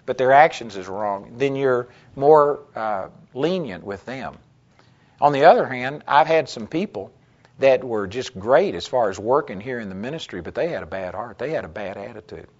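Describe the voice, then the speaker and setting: A man teaching a Bible class, telling personal stories in a conversational way and getting louder and more animated when he quotes himself. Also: mid-range voice, highs cut off. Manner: conversational storytelling, gets loud and animated when quoting himself.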